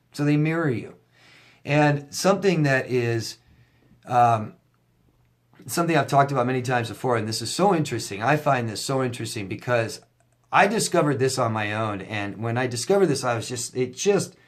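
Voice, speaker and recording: A man coaching viewers in a casual monologue, animated and profane, rising to near-shouting emphasis. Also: mid-range voice.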